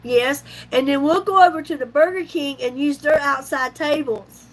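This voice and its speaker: A woman's voice: sits high, normal speed, a little hiss or hum, poor audio. A woman, telling a folksy story to her vlog viewers. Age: 50s. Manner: chatty, folksy, animated retelling with laughs. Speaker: YouTube vlogger.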